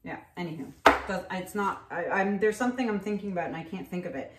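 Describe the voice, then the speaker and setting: A woman's voice: lowish voice, fast talker, heavy background noise. A woman in her thirties, chatting casually and rambling with fillers as she paints and tells a story. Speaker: acrylic pour artist. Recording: echoey room.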